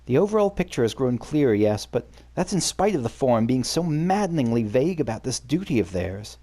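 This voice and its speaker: Guy doing an annoyed young woman from a game, gruff, pitch jumping around. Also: very animated, fairly quick, warm tone. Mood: frustrated. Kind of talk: reading game dialogue aloud.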